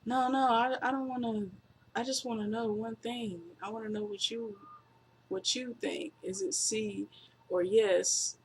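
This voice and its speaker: Reviewer doing a slow, puzzled giant wrestler, a bit gravelly, mild hiss behind. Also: medium pitch, fairly even intonation, voice pushed up, close to an everyday voice. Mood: confused. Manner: slow, drawn-out questioning.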